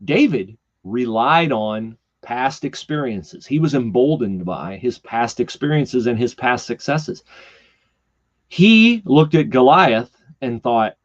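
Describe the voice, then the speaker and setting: A male podcast host talks through a Bible story in a casual, animated way. His pitch swings widely as he builds each point. The recording is a bit dull and lo-fi. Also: slow pace. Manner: animated storyteller who slips into character voices. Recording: slightly dull lo-fi podcast audio.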